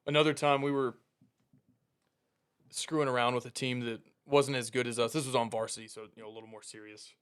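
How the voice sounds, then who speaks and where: A young man casually telling a story as a podcast co-host, animated and laughing through the punchlines as he acts out his coaches' lines. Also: mid-range voice, fairly quick, clean tone.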